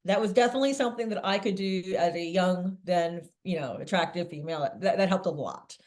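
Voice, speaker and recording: A middle-aged woman, a sales veteran interviewed as a guest, telling a long anecdote in a lively way. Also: on the low side, fairly quick. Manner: lively storyteller, acts out quoted voices.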